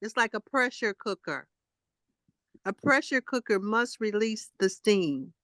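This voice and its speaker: A woman's voice: medium pitch, expressive, measured pace, dry recording, studio quality. A woman co-hosting a group talk, coaching a friend through her breathing in a coaxing, affectionate way. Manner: warm, coaxing, calls people honey and baby. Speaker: co-host.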